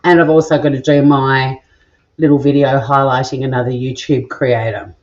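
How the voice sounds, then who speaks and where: A woman's voice: extremely low pitch, flat delivery, normal speed, a little mellow, muffled recording. A woman chatting casually through a cooking vlog in her home kitchen, rambling and self-deprecating as she goes. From Australia. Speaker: cooking vlogger.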